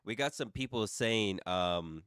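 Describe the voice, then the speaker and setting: A man with a lowish voice hosts a loose panel chat, teasing the others and tripping over his words as he restarts. His voice is close and dry. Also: lively intonation, measured pace, a bit bright, clean tone, no echo. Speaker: podcast host.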